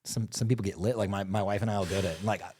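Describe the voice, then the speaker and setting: A man's voice: lowish voice, very fast, breathy edge. A man co-hosting a podcast, telling stories in casual chat, swearing a lot, laughing, and doing impressions. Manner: profane, laughing storyteller with lively impressions. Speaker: podcast co-host.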